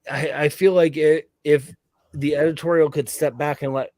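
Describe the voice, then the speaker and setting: A man's voice: on the high side, fairly even intonation, darkish tone, dry recording. Dry-voiced man rambling about comics. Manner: rambling, enthusiastic, halting restarts. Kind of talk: casual comic book discussion.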